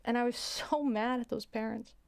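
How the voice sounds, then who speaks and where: A young adult woman, a teacher, telling a story in a casual, halting way, often repeating words and sighing. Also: on the high side, steady tone, creaky, clear, resonant tone.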